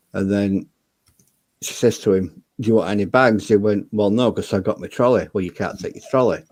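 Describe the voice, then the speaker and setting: A man's voice: lowish voice, darkish tone, no echo. A man, bluntly telling stories and swearing freely in casual chat. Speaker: debate show guest.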